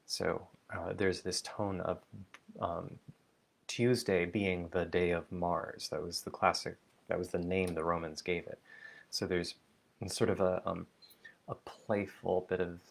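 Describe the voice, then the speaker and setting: Low, gravelly reflective man. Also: flat delivery. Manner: slow, thoughtful, with many fillers and restarts. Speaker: vlogger. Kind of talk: reflective spoken diary.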